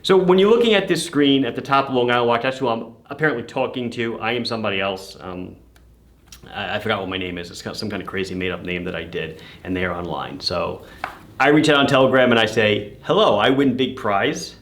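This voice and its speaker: Chatty, amused man with a lowish voice. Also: brisk, fairly bright tone. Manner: chatty, amused, laughs while telling the story. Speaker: watch shop owner and channel host. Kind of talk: casual storytelling to camera.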